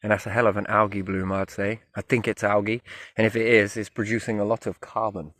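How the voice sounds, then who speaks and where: A man walking by a river in the woods, musing aloud as he goes, often trailing off into quiet wondering remarks. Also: on the low side, little pitch movement, brisk, no room sound. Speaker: vlogger.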